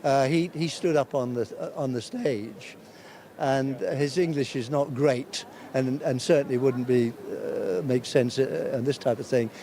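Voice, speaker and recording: A man's voice: medium pitch, measured pace, warm tone. An older man in a casual interview, telling rambling stories about the early years, chuckling as he goes. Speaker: awards founder interviewed. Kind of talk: anecdotal interview chat.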